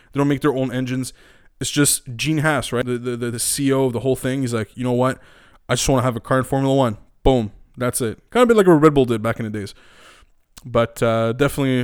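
A man's voice: medium pitch, smooth, no room sound, studio quality. A young man hosting casual commentary, rambling, opinionated and profane. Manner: rambling, profane, many fillers and restarts; opinionated and animated. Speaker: podcast host.

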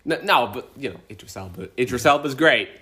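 A man's voice: mid-range voice, lively intonation, a little fast, bright, forceful tone. A man co-hosting a podcast, chatting casually, rambling and swearing as he riffs into rants. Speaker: podcast co-host. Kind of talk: casual chat.

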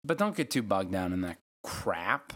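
A man's voice: deep voice, big pitch swings, moderate pace, a bit bright. A man co-hosting a casual podcast, joking and teasing between topics. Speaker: podcast co-host. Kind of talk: casual chat.

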